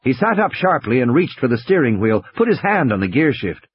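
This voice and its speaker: Male audiobook reader, lively pitch, slightly breathy, dry and muffled studio sound. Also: a little fast, no echo. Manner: expressive storytelling. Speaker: audiobook narrator. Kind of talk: dramatic audiobook narration.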